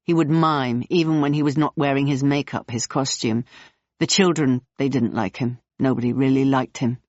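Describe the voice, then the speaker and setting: A narrator voicing a calm circus woman who explains things in a measured way, on a dull, dry recording. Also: extremely low pitch, no room sound. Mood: matter-of-fact.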